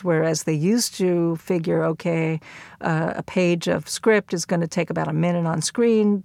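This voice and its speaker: An older woman explaining linguistics in a measured lecture, with occasional fillers. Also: lowish voice, gravelly, no room sound.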